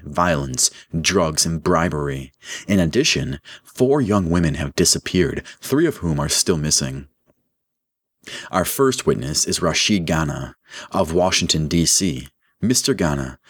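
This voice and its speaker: A man voicing a formal male senator who chairs a hearing in a measured way. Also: very deep voice, dry recording, clean studio sound.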